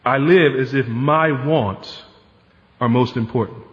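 A man's voice: mid-range voice, a little slow. Preaching man in a reverberant church. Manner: conversational preaching, rhetorical asides. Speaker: pastor. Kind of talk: sermon. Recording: dull sound with long hall reverb.

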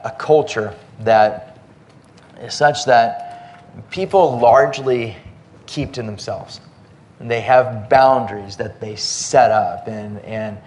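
A man delivering a sermon in an easygoing, anecdotal manner, at a middle pitch for a man. He tells his stories plainly and repeats words as he restarts phrases. The talk is addressed to a church congregation. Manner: conversational, anecdotal preaching with many restarts. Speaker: pastor.

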